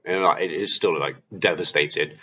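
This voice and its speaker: A man's voice: low voice, moderate pace. A man vlogger telling a personal testimony story, acting out his own past lines as he goes. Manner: animated, acts out his own past dialogue. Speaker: Christian vlogger. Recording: slightly dull audio with faint hiss.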